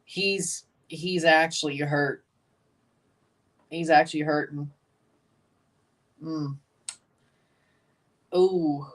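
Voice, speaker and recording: A man's voice: on the high side, steady tone, very slow, long pauses, far from the mic. A man with a Southern accent streaming live match reactions, chatting with viewers and exclaiming at plays. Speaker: watchalong streamer.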